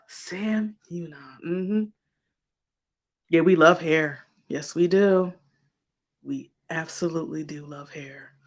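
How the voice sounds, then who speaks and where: A woman's voice: mid-range voice, highs cut off. A woman hosting a casual livestream, talking directly to the people watching. Her delivery is chatty and gushing, and laughter keeps breaking into her speech. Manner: talks to chat viewers directly. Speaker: livestream host.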